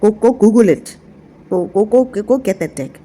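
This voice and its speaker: A woman's voice: mid-range voice, lively intonation, normal speed, dark tone. A woman talking to her viewers as a spiritual teacher, repeating her points in a coaxing, affectionate way. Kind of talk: casual vlog teaching.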